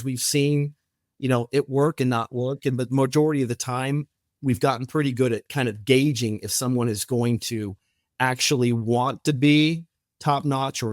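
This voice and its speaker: A man's voice: mid-range voice, no echo, studio quality. A man as a podcast guest, telling stories and acting out the dialogue, with frequent restarts. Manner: animated storyteller, acts out quoted dialogue, frequent restarts. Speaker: podcast guest, company founder. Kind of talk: storytelling in casual interview.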